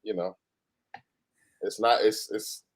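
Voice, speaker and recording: A man appearing as a guest on a live stream, talking in a laid-back, halting way. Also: lowish voice, steady tone. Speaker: interview guest. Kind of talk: casual live-stream chat.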